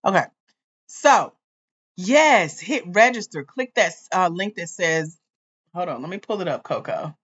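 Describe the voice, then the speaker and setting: A woman hosting a livestream as a grants coach, talking straight to her viewers in an excited, chatty way. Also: lowish voice, measured pace, slightly rough, muffled recording. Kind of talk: casual livestream chat.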